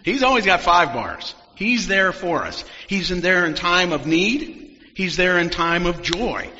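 A man's voice: a little high, bright, forceful tone, slight background noise. A man preaching a sermon, telling stories reflectively and sometimes dropping almost to a whisper. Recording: dull sound in a long-reverb hall.

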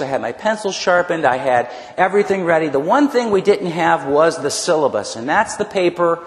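A man preaching a personal testimony sermon, telling his story in an animated way with frequent restarts. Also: fairly high pitch. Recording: echoey hall, long reverb.

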